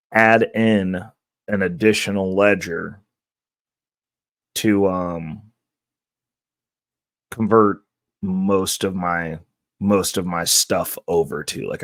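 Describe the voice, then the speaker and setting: A man with a low, dry voice hosts his own crypto channel from close to the mic. He sounds stuffy and his voice is nearly spent. He still rambles along casually, full of fillers and restarts, with an upbeat push toward his viewers. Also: a bit bright, no room sound. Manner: loose and rambling, with many fillers and self-corrections. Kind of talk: casual talk to camera.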